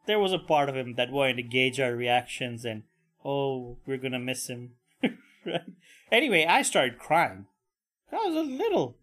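A man hosting a casual solo podcast, with a nasal voice, rambling and swearing as he jumps between topics. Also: fairly bright tone. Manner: bursts into high mock voices for quotes. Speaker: podcast host.

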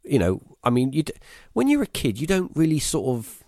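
A man, telling a story as a podcast guest in a rambling, halting way, full of fillers and restarts. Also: fairly high pitch, huge pitch swings, dark tone, dry recording, studio quality. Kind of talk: casual storytelling.

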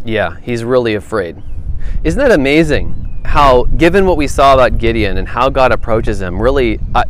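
A man's voice: medium pitch, slight background noise. A man leading a small-group Bible study, thinking aloud and asking the group questions in a casual, conversational way.

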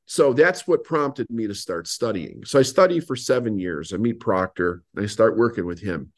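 A man's voice: fairly low pitch, normal speed. A man, a business coach guest on an interview, telling his story and acting out old conversations. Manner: animated storyteller, acts out past dialogue.

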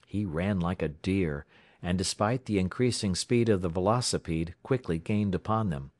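Deep-voiced male audiobook narrator. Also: moderate pace, a little mellow, no echo.

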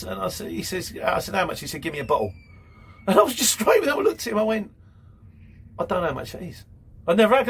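Reading out viewer comments on his channel, this man answers in a chatty, roundabout way peppered with "mate," as in a casual live-stream chat. His voice is on the high side, with a faint hiss or hum in the recording.

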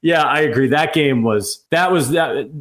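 A man's voice: a little high, unhurried, a bit bright. A married man in casual sports chat, rambling with many fillers and laughing easily.

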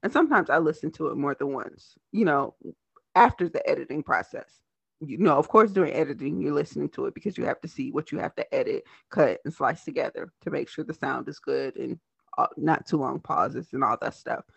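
Podcast host, woman with a lisp, lively pitch and a gravelly edge, fast casual chat. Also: dry recording. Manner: talks fast, animated and laughing.

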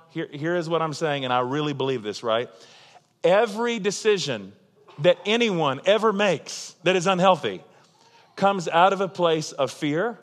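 Earnest male preacher in a reverberant hall. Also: on the high side. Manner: earnest, emphatic, conversational preaching with frequent asides. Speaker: pastor. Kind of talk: sermon.

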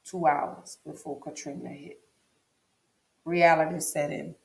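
Speaking to her viewers about her own experiences, a woman vlogger repeats herself to drive points home. Her deep, darkish voice carries vocal fry, stays level in tone and moves a little slowly, in an echoey room.

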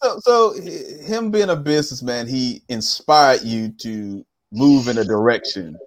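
Lively, playful male podcast interviewer. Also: mid-range voice, measured pace. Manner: encouraging, playful questioner. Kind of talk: casual interview.

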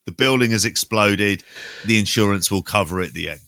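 Deep, bright-voiced middle-aged man. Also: fairly quick, creaky, no room sound. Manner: chatty, wry, sweary banter. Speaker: podcast co-host. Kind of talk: casual chat.

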